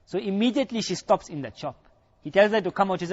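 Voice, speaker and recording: A man's voice: high-pitched, animated, fast. A man with a South African accent, preaching and retelling a story full of quoted dialogue. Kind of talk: storytelling sermon. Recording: dull lo-fi recording.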